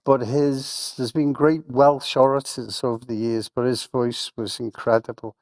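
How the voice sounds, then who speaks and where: A man's voice: level tone, unhurried, darkish tone, no room sound. An older man with a Liverpool accent, speaking with rising passion and then reading a poem aloud at a festival event. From England. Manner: impassioned, building to a rousing pitch. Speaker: guest speaker reading poetry.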